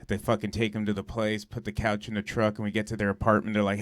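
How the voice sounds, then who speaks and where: A man's voice: lowish voice, monotone, fast talker, few pauses, no echo, clean studio sound. A young man doing a stand-up set, telling stories in a loose, profane, conversational way full of "like" and "dude". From Southern California. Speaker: stand-up comedian. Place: comedy club stage.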